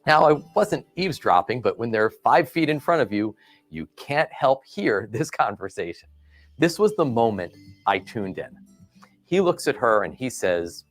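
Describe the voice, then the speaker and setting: A man's voice: medium pitch, normal speed, soft background music. A man giving a training video lecture, telling stories and asking the listener questions. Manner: expressive storyteller, asks the listener questions.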